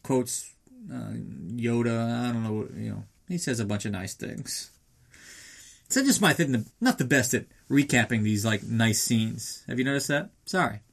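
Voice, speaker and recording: A man's voice: medium pitch, expressive, measured pace, vocal fry. A man casually recapping a film in a rambling, sarcastic way, swearing often.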